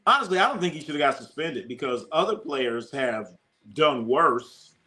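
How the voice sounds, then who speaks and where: A man hosting a live sports talk stream, excitable and chatty, riffing on viewer comments and repeating himself for emphasis. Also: medium pitch, normal speed. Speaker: sports show host.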